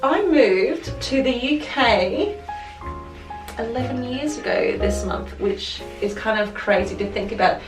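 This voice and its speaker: A woman's voice: on the high side, lively intonation, a little slow. Australian woman vlogger, chatty and self-correcting, echoey home room. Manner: chatty, rambling, corrects herself mid-sentence. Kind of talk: casual chat to camera. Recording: roomy echo, mic at a distance, music behind. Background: music.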